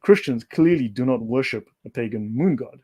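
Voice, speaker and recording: A man's voice: medium pitch, lively intonation, moderate pace, warm tone, husky. Man lecturing emphatically on a livestream. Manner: lecturing, emphatic, repeats points. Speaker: guest speaker. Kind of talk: livestream discussion.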